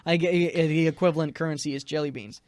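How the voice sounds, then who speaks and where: A man's voice: a little high, steady tone, quick pace, a little mellow, no room sound, studio quality. A man co-hosting a radio podcast, telling a news story in a rambling, jokey way, sounding tired. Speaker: news director, co-host.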